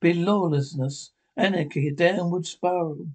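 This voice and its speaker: A man with a Scottish accent playing a bickering, cantankerous old pensioner in TV sitcom dialogue, with gruff, sardonic banter. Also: a little high, a little slow, a little mellow. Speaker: sitcom actor.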